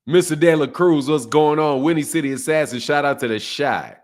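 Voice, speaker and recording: Male livestream host, fairly high voice, loose profane banter, laughs often. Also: fairly quick. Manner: loose, laughing banter, shouting out chat names; slangy, profane, mocking. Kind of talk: casual livestream chat.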